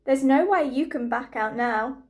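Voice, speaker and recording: A woman voicing a brash, gloating ugly stepsister in a storybook reading, screeching and loud. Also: sits high, a little slow.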